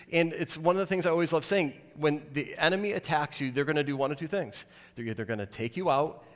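A fairly high-voiced man preaching a sermon to his congregation. He talks in an animated, conversational way and slips into mock-dramatic asides. His voice carries a long reverb from a large hall. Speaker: pastor.

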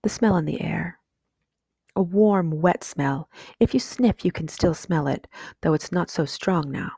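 A sickly young boy, serious and calm, as a woman reads him in a storybook. The voice is husky and low. The recording is dry. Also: a little slow, no room sound, exaggerated voice. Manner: serious, thoughtful.

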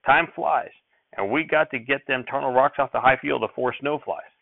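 A man voicing an excitable, cranky old rural grandfather who talks in folksy dialect and repeats his exclamations. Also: mid-range voice, moderate pace, gravelly, dry recording, narrow, tinny audio, lightly acted. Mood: jovial.

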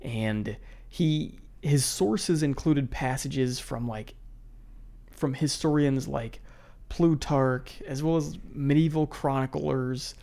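A man co-hosting a casual podcast, relaxed as he reads out history facts and then riffs on them. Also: mid-range voice, takes it slowly, vocal fry. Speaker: podcast co-host presenting history.

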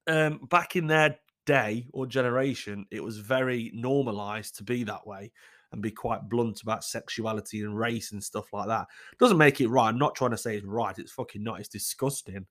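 A man's voice: mid-range voice, a bit bright. A man, reading advice letters aloud and reacting in blunt, casual commentary, swearing freely as he talks.

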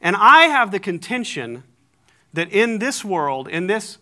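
A man's voice: high voice, big pitch swings, unhurried, sharp tone. An American man giving a conversational sermon, joking and correcting himself as he goes. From United States. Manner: conversational, self-correcting, lightly humorous. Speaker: pastor.

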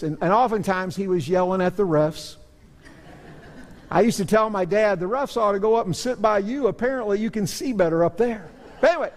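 In a church sanctuary, a middle-aged pastor with a high-sitting, gravelly voice preaches a sermon, telling stories earnestly and poking fun at himself. Long hall reverb trails his words.

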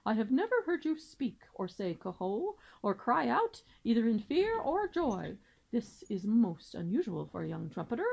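A woman's voice: fairly high pitch, big pitch swings, moderate pace, vocal fry, darkish tone, breathy edge, exaggerated voice. A woman voicing a pompous father swan. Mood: insistent. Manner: formal, lecturing, wordy. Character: pompous, long-winded male father swan.

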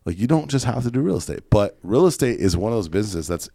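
A man's voice: on the low side, quick pace, gravelly, slightly rough, dry recording, studio quality. A man hosting a podcast, telling casual stories with swearing and acted-out dialogue. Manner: animated, swears, acts out quoted dialogue. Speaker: podcast host.

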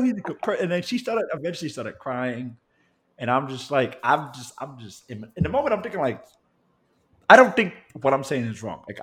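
A young man, a podcast co-host, telling a bar story in casual, profane chat and laughing as he goes. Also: mid-range voice.

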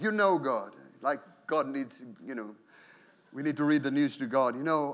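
A male pastor preaching a sermon in church, animated, acting out quoted prayers and inner voices, often repeating and restarting phrases. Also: mid-range voice, moderate pace.

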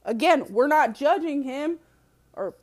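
A woman delivering a casual opinion monologue in a high, bright-pitched voice. Her pitch swings widely as she punches words with emphasis and frequent swearing. She breaks into short laughs between points. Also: lively intonation, unhurried. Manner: profane, emphatic, laughs often. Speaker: commentator.

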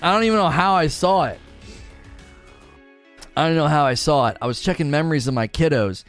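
With faint music behind him, a man in his thirties banters playfully with his live-stream viewers, keyed up and breaking into laughs again and again. He speaks briskly in a slightly high voice.

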